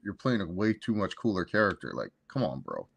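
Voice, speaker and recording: Low-voiced man rambling casually. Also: wildly swooping pitch, fairly quick, vocal fry, slightly rough. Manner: rambling, laughing, acts out quotes. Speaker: co-host. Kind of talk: casual wrestling review chat.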